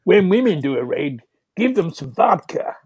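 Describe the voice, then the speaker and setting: Older man, a guest storyteller with a husky, lively voice. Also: sits high, normal speed, no room sound. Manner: chuckling, lively, rambling. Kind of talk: anecdotal storytelling.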